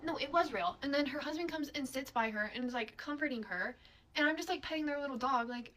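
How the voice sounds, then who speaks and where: A woman's voice: sits high, fast talker, fairly bright tone, a little hiss or hum. A young adult woman telling a storytime in a chatty way, full of filler words and dropping to whispered asides. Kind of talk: casual storytime.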